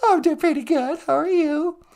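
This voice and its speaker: A man voicing a chirpy middle-aged housewife in a high, sing-song falsetto. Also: moderate pace, vocal fry, darkish tone.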